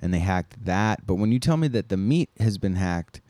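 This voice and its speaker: Mellow, quick-questioning male co-host. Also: low voice, expressive, dry recording. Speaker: podcast co-host. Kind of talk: casual podcast chat.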